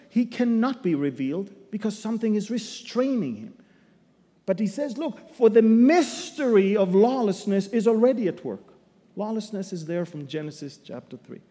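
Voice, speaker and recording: A man teaching the Bible as a sermon, emphatic, with sudden loud bursts and humorous asides. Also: fairly high pitch. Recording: long hall reverb.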